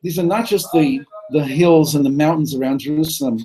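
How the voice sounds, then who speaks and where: A man's voice: fairly high pitch, a little fast, dark tone, poor audio. A man teaching a text class as a rabbi, reading lines aloud and translating them phrase by phrase, often restarting and repeating words. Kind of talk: text study lesson. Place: study hall.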